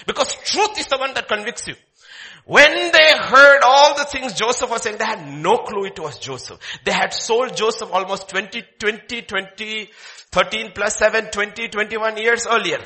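Dramatic high-voiced pastor preaching. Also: male voice, animated, moderate pace. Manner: dramatic, swinging from loud declaiming to hushed pleading. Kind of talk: sermon.

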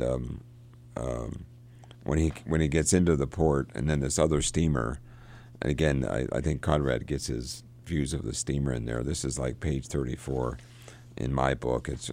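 Very deep gravelly man, halting. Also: a little mellow. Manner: halting, many restarts and fillers. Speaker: literature discussant. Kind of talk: casual literary discussion with read-aloud passages.

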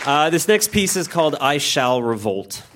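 A man reads his own childhood stories to a live audience, his voice swinging widely in pitch. He keeps dropping into put-on voices whenever the characters speak. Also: very animated, normal speed, over a noisy crowd, very noisy. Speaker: reader at a live storytelling show. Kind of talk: reading his childhood writing aloud on stage. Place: live venue on stage.

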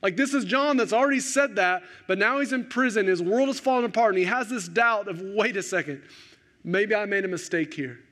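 A male pastor preaching a sermon, rising to animated questions and dropping to slow, hushed emphasis. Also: sits high.

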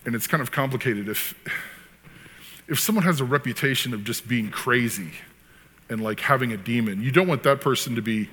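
A man preaching a sermon, reading scripture and then teaching in a casual, animated way, acting out quotes with sudden loud voices. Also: mid-range voice, fairly quick, husky, big-room sound. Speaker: pastor.

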